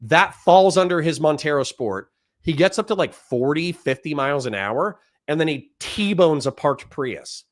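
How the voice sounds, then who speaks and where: A young man, a former cop and podcast host, telling a story in a casual, animated way and now and then shouting out the lines he quotes. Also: a little high, a little slow.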